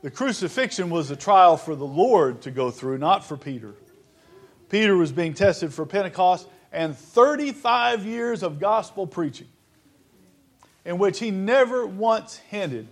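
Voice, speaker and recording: A man's voice: high-pitched, lively intonation, moderate pace. A man preaching a sermon in an earnest, conversational way, often restarting his sentences.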